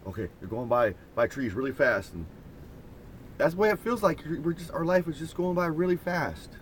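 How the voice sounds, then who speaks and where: A man's voice: on the high side, animated, fairly quick, slight background noise. A man vlogging in casual chat, rambling in an easygoing, reflective way from inside a moving camper van.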